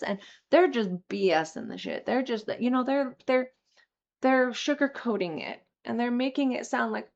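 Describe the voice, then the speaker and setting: A young woman candidly telling a personal recovery story, emotional and quick to swear. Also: fairly high pitch, animated, gravelly. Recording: slightly dull lo-fi audio.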